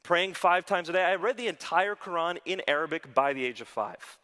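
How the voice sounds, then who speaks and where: Young American male speaker, earnest and lightly funny, with a forceful tone that echoes through a large hall. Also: high voice, animated, brisk. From United States. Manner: earnest, gently humorous storyteller. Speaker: Christian speaker giving testimony. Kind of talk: public testimony talk with prayer. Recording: long hall reverb.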